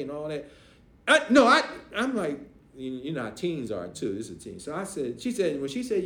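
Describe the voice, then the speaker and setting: In a podcast interview, a middle-aged male pastor tells a story from his life in casual speech with dialect grammar, animatedly acting out other people's voices. His voice is a little high and brisk, with roomy echo and faint noise.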